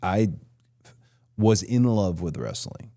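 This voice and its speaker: Host, man in his forties, low mellow voice, loose rambling questions. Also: very animated, slow, dry recording, clean studio sound. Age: 40s. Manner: rambling, restarts his thoughts. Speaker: podcast host. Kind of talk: casual interview chat.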